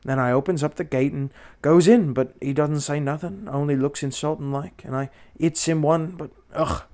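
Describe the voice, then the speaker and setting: Nervous young cockney bellboy read by a man, higher pitched and deferential, audiobook. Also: moderate pace, warm tone, lightly acted. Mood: uneasy. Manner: dropped grammar, deferential "sir" after every phrase. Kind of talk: audiobook character voice.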